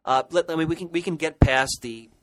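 A fairly high-pitched man speaks briskly on a rough recording. He's a podcast co-host in a casual conversation, eagerly running through comic book history with lots of rambling and false starts.

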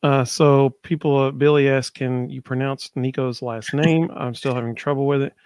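A man's voice: medium pitch, steady tone, moderate pace, a little mellow, clear, resonant tone. A man hosting a sports podcast in casual chat, upbeat and reading viewer comments aloud. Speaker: podcast host.

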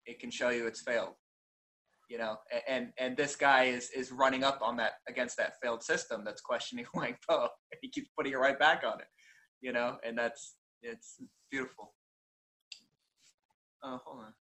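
A man in casual discussion, telling lively stories and laughing. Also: medium pitch, normal speed, low-quality recording. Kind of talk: casual storytelling.

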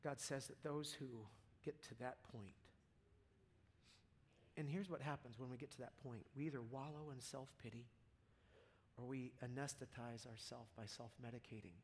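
A man preaching a casual, impassioned sermon to a church audience, dropping to near-whispers and then rising to loud, fervent peaks. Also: mid-range voice, steady tone, moderate pace, a little hiss or hum. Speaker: pastor.

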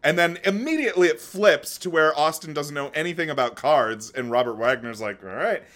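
A man's voice: fairly high pitch, expressive, a little fast, fairly bright tone. A man co-hosting a casual movie podcast, eagerly chiming in with enthusiastic comments. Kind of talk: casual movie-discussion chat.

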